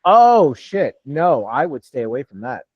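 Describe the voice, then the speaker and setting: A man's voice: medium pitch, very animated, a little slow, breathy edge, no room sound, highs cut off. A man hosting a live Q&A call and coaching real estate wholesalers, blunt and casual, swearing freely.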